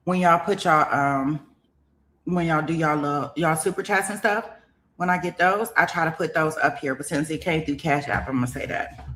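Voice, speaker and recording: A woman's voice: sits low, normal speed, fairly bright tone. A middle-aged woman hosting a casual livestream, chatting straight to her viewers and rambling with restarts. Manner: chatty, talks straight to viewers, thanks donors; rambling, with many restarts and fillers. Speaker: livestream host commenting on a trial.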